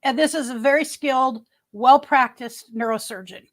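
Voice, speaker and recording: High-voiced chatty woman livestreaming. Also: normal speed. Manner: rambling, chatty, frequent restarts and fillers; greets viewers by name. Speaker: livestream host. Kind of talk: casual livestream chat. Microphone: webcam.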